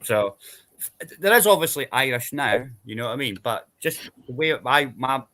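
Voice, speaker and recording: A man's voice: mid-range voice, lively intonation, normal speed, pushed and bright. A Scottish man in casual chat, rambling through long explanations and checking in with tag questions. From Scotland. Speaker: panel guest.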